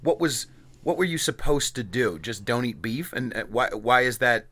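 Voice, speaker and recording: A man hosting a podcast, chatting casually and teasing his guest with quick interjections. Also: medium pitch, sharp tone. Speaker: podcast host. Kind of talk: casual chat.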